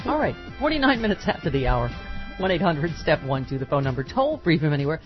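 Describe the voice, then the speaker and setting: A woman hosting a radio talk show, bantering and joking, quick with asides and laughing easily, on a muffled broadcast. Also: deep voice, very animated. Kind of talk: casual comedic radio banter. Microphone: studio microphone. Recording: muffled radio broadcast, faint music bed.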